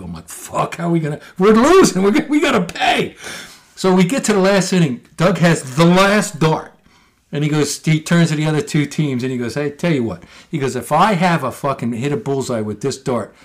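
Podcast guy, mid pitch, cussing a lot, acting out the funny parts of his stories. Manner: animated storyteller, swears freely, acts out quotes. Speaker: podcast co-host. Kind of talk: casual sports chat.

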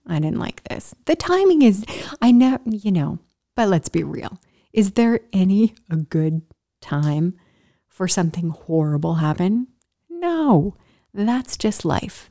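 A woman vlogger talks straight to her viewers with a mellow, fairly low voice. She tells her story casually, breaks off mid-sentence, and acts out sound effects as she goes. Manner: animated, makes sound effects, frequent restarts. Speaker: vlogger telling a personal story.

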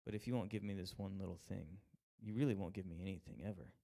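Young man telling an animated faith testimony. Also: deep voice, fast talker, creaky. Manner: animated, acts out quoted voices, laughs at himself. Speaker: speaker sharing a personal testimony. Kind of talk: storytelling testimony.

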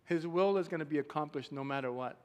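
Animated preacher in a reverberant hall. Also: male voice, on the high side, quick pace. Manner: animated storytelling, acts out quotes, laughs often. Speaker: pastor. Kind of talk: sermon. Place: church sanctuary.

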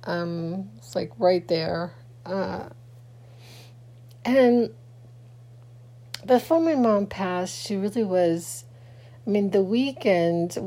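A middle-aged woman talking casually and haltingly to her camera late at night, grieving and rambling with many fillers and restarts. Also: on the low side, dark tone. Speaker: vlogger. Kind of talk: casual personal talk to camera.

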